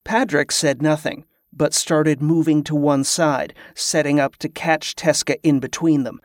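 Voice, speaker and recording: A man narrating an audiobook in a steady, even storytelling read. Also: fairly high pitch, a little slow, no room sound, clean studio sound. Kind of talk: scripted narration.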